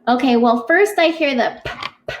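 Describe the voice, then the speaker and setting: A woman teaching young children to write, speaking patiently and encouragingly, stretching words out slowly as she sounds them out. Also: sits high. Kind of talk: slow, gentle classroom instruction for young children.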